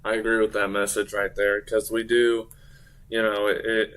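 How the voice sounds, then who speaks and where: A man with a low, clear voice talks casually on a livestream, recounting an online argument. His delivery stays flat and even as he reads quotes aloud with fillers. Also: normal speed.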